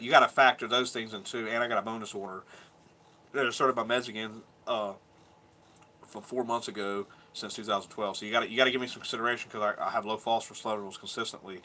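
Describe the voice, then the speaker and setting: A man's voice: on the low side, sharp tone, a little hiss or hum. Rambling, profane man in his thirties. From Georgia, US. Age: 30s. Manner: rambling, profane, laughs through his story. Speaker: vlogger. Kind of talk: casual storytelling monologue.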